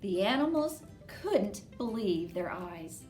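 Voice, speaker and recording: Expressive woman reading a children's story. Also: medium pitch, faint music behind. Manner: expressive, slow and dramatic. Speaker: children's librarian. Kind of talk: storybook read-aloud. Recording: roomy echo.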